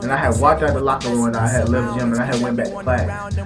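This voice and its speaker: A man's voice: mid-range voice, fairly even intonation, a little fast, hardly any pauses. Young guy rambling thru a story, slangy, lots of restarts, faint music in the back. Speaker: storytelling vlogger. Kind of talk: casual profane storytime.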